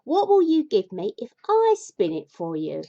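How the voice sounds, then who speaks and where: A strange, creepy little storybook man, as a woman reads him aloud. The voice is mellow and sits a little low. The recording sounds dull and lo-fi. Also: wildly swooping pitch, measured pace, exaggerated voice. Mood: sly.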